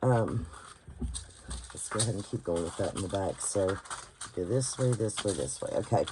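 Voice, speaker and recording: A woman's voice: very deep voice, lively intonation, normal speed, noisy background. A tired woman with a West Virginian accent giving a casual hands-on craft tutorial. She thinks aloud, rambles and searches for words as she works. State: tired late at night. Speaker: bookbinding crafter hosting her channel. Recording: clear crinkling paper and clicking sounds behind.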